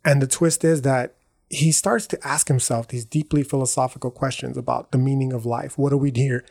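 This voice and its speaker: A creaky, slightly mellow voice at medium pitch carries this podcast host's somewhat fast, fairly even speech. The monologue is casual and profane, full of slang, rambling and self-correcting, punctuated by "right?" and "dog."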